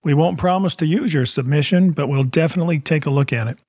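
A man's voice: a little high, fast, darkish tone, no echo, clean studio sound. Joking male podcast co-host. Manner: friendly, joking. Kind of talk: casual show introduction.

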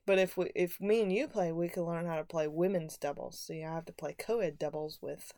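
A woman's voice: fairly low pitch, fairly quick, dark tone, no echo, clean studio sound. A young woman chatting casually as a podcast co-host, easygoing, laughing along and chiming in. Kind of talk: casual chat.

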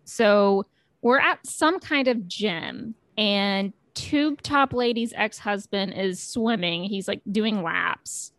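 Woman, podcast co-host, very unhurried pace, dry studio sound, measured summaries. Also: mid-range voice, a bit bright, dry recording. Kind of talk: casual recap chat.

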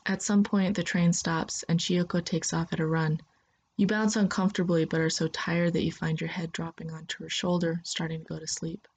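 Woman reading a story aloud, lowish husky voice, soft n steady. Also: normal speed. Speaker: narrator. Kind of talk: second-person story reading.

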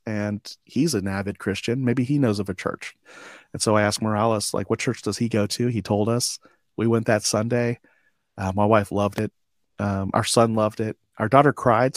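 A man in his forties, a veteran guest on an interview show, tells lively anecdotes and acts out the dialogue with frequent chuckles. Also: mid-range voice, no echo, clean studio sound. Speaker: podcast guest, army veteran. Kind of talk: storytelling interview.

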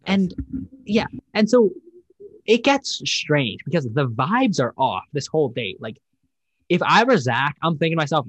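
A man's voice: a little high, very animated, normal speed, fairly bright tone, husky, dry recording, poor audio. A young man casually recapping a dating show as a podcast host, rambling and profane, mocking the people he quotes.

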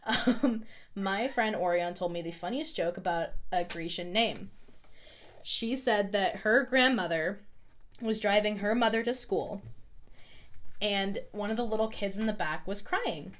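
A woman's voice: medium pitch, a little slow, fairly bright tone. Giggly young woman chatting. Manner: giggly, chatty, often acts out quoted lines. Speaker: podcast co-host. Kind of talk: casual chat.

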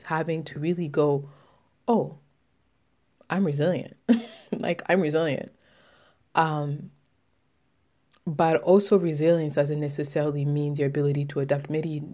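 A young adult woman in a self-empowerment monologue, swinging from reflective musing to profane, fired-up declarations. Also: deep voice. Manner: profane, fired-up, rising to shouts.

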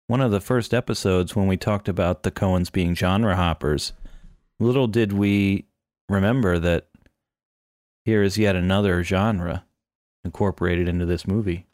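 A man's voice: on the low side, darkish tone, dry recording, clean studio sound. A man co-hosting a podcast about a film, chatting in a playful, joking way. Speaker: podcast co-host. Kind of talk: casual film-discussion chat.

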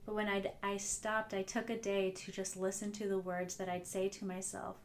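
A woman's voice: medium pitch, darkish tone, a little hiss or hum. A woman hosting a solo motivational podcast, earnest and reflective, often repeating phrases for emphasis. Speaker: podcast host.

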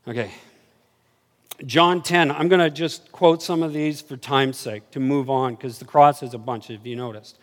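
Animated preacher man in an echoing hall. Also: moderate pace. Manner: animated storytelling, swinging from low murmurs to excited highs. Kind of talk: sermon. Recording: reverberant hall.

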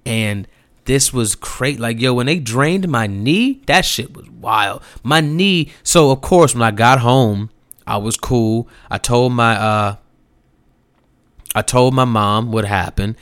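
Speaking slowly at medium pitch with no echo, a young man recounts something that happened to him. His telling is lively, full of slang and swearing, and he voices the other people in the story.

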